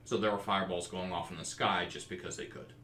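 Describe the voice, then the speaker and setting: A man hosting a podcast and recounting tabletop campaigns he ran as game master in animated storytelling. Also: low-pitched, quick pace, slight background noise. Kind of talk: casual podcast discussion. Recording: roomy echo.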